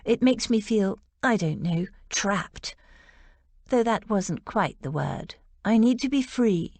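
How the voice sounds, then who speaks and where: A woman's voice: mid-range voice, animated, slow, a little mellow, no room sound. A woman voicing a spirited, defensive young Regency lady who speaks emphatically and stubbornly.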